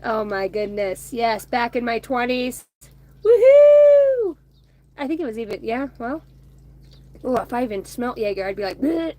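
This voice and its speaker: A woman's voice: a little high, a little fast, few pauses. A woman in her thirties hosting a casual card-reading chat on a phone outdoors, rambling, swearing and laughing between remarks. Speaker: oracle card reader streaming to viewers. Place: outdoors by a bonfire at home.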